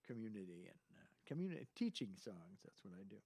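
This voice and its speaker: A man's voice: lowish voice, sing-song, fairly quick, vocal fry, mellow, slightly rough. A man hosting a casual chat, telling rambling anecdotes. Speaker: host.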